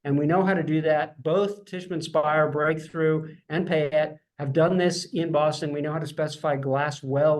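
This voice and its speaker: A man presenting an architecture project at a public design review, talking fast and earnestly with many restarts. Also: on the high side, darkish tone. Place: remote public meeting.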